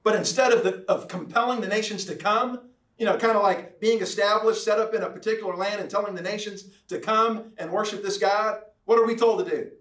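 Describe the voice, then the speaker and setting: High-voiced preacher in an echoey church. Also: male voice, fairly bright tone, recorded from a distance. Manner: emphatic preaching, repeats key phrases, slows down to stress words. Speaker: pastor. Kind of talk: sermon. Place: church sanctuary.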